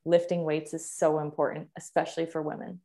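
A young woman with a slightly lower voice talks fitness and health as a podcast guest. She is enthusiastic and emphatic, stacking words and repeating them to drive each point home. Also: level tone, fairly quick, mellow. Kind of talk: conversational podcast interview.

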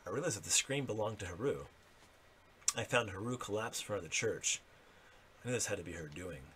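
A man's voice: lowish voice, lively intonation, a little fast, a bit bright, a little hiss or hum. A man reading the lines of a guilt-ridden young male hero in a game, subdued and brooding. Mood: remorseful.

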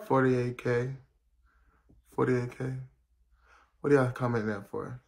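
A young man hosts a casual livestream chat, reading viewer comments aloud and ranting at them in a brash, profane way, quick to rant. His voice is medium-pitched, steady in tone and gravelly.

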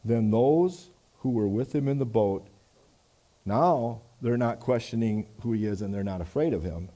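Pastor guy reading scripture then chatting about it, mellow dark voice, lots of "you know". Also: mid-range voice, unhurried. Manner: conversational, many "you know" asides, swings between loud reading and quiet reflection. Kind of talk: sermon reading and explaining scripture. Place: church.

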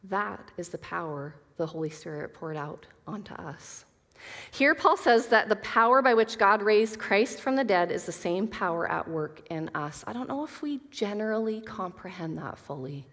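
A woman's voice: mid-range voice, lively intonation, moderate pace, a bit bright. A woman teaching a Bible study to a women's group, earnest, reading scripture aloud with casual asides. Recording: long reverb of a hall.

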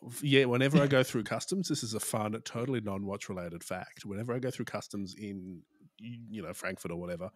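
A man's voice: on the low side, brisk, no echo. Australian man, dry close sound. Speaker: podcast co-host. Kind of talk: casual conversation.

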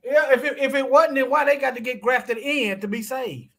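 A man co-hosting an online talk show, speaking haltingly with many repeated words and frequent laughs. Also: extremely high pitch, fairly even intonation, gravelly, a bit bright. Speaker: podcast co-host. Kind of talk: casual religious discussion.

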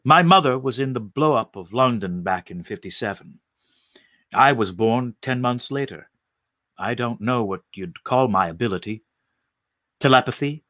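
A man voicing a calm telepathic young man. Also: mid-range voice, no room sound, clean studio sound.

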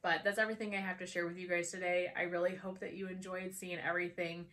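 Chatty woman with a low voice. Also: flat delivery, fast, sharp tone. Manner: chatty, enthusiastic, addresses viewers directly. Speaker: home fragrance vlogger. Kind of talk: casual product review talk.

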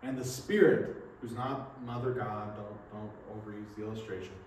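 A man's voice: on the low side, fairly even intonation, normal speed, darkish tone, a little hiss or hum. A man, a pastor, preaching a sermon in a church and explaining his points earnestly with rhetorical questions. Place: church sanctuary. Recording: echoey hall, mic from a distance.

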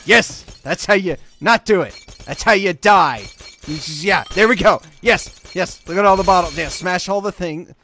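A young man gives casual commentary over a video game he is playing. His voice sits high for a man, and he swings from muttering to himself to yelling and swearing whenever things go wrong. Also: normal speed, faint music behind. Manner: excitable, swears and yells at the game. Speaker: gaming video host.

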